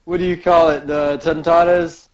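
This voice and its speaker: A laid-back man with a somewhat high voice, chatting easily as a podcast co-host. His voice comes through dull and lo-fi, as on a cheap home recording. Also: little pitch movement, normal speed, a crowd in the background. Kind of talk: casual chat.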